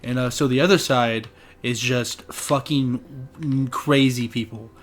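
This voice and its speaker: A man's voice: medium pitch, fairly even intonation, slow. Young man joking crudely on a podcast. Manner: crude, joking, laughs often. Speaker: podcast co-host. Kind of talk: casual podcast chat.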